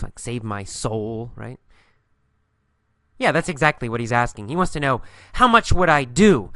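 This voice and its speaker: A man teaching an English story lesson, asking simple questions and answering them himself, and repeating key words slowly for learners. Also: fairly high pitch, pushed and bright, clear, resonant tone, no echo, studio quality.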